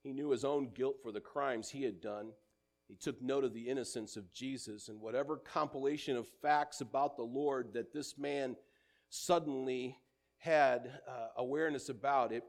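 A man preaching a sermon in a mid-pitched voice. He speaks with earnest conviction, reads scripture in older English, and drops softly at the ends of his phrases.

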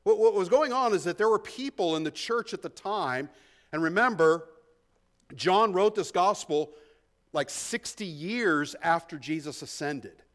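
A man preaching an expository sermon, emphatic, swinging between hushed asides and loud stresses, often repeating words as he thinks. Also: high-pitched, lively intonation, unhurried. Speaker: pastor.

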